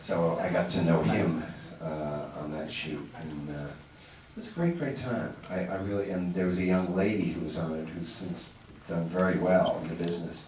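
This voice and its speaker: A man's voice: deep voice, moderate pace, darkish tone. Chatty man in an echoey hall. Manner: stammering restarts, laughs easily. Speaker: guest actor at a fan convention Q&A. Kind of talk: casual convention Q&A. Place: large convention hall stage. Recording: echoey hall, far from the mic, noisy.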